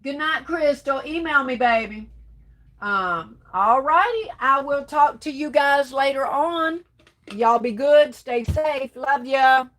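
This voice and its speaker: A woman's voice: high voice, slow pace. Chatty woman hosting a livestream. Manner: chatty, calls viewers baby doll, darling and honey; relaxed, colloquial speech. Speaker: livestream host. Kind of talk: casual livestream chat, reading viewer comments aloud.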